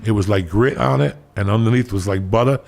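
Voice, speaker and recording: A man's voice: lowish voice, fairly quick, creaky. A middle-aged man, a stand-up comedian, telling profane road stories on a podcast and acting out the people in them. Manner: profane, animated storyteller acting out voices. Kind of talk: podcast storytelling.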